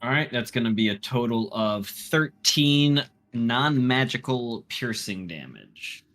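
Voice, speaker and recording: A man's voice: medium pitch, animated, slow, fairly bright tone. A man playing a tabletop game, answering tersely with his rolls. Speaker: player.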